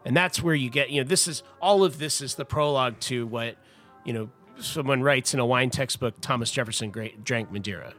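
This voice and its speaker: A man's voice: mid-range voice, steady tone, brisk, fairly bright tone, soft background music. A man in a casual podcast conversation, telling a long story about wine history in a chatty, rambling way full of restarts and asides. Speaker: wine importer guest.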